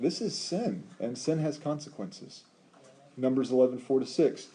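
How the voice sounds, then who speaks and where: Very dark-voiced man teaching scripture. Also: a little high, measured pace. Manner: animated, emphatic, with rhetorical questions and frequent ums. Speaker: Bible teacher. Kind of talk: Bible study lecture.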